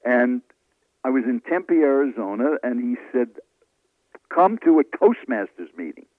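A man, a speaking coach telling animated stories in an interview. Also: mid-range voice, unhurried, dry recording. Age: 70s. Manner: lively, animated storyteller acting out dialogue. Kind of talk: storytelling interview answers. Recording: tinny phone-line audio, dry.

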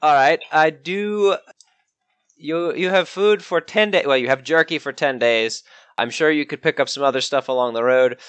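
A man running a tabletop game as game master, narrating in a relaxed, rambling way. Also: a little high, normal speed, clear, resonant tone, no echo.

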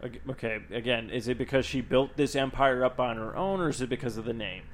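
A man's voice: medium pitch, fast talker, slight background noise. A man co-hosting a casual podcast chat, joking and rambling through stories with plenty of swearing. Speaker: podcast co-host.

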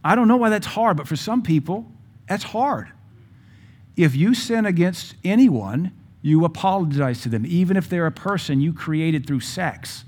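A man's voice: fairly high pitch, expressive, normal speed, slightly rough. Blunt, emphatic male preacher. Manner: blunt and emphatic, with sudden loud stresses; acts out the people he quotes. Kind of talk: sermon.

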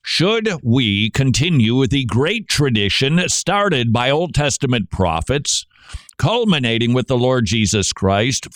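A man hosting a Christian radio show, introducing a clip with quick asides and laughter. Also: mid-range voice, no room sound. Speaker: radio host.

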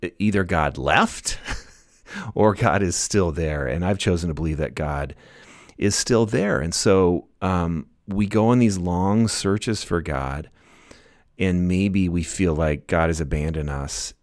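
A man's voice: low voice, slow, dry recording, clean studio sound. A man speaking as an author guest in a casual podcast interview, thoughtful and laughing often as he talks.

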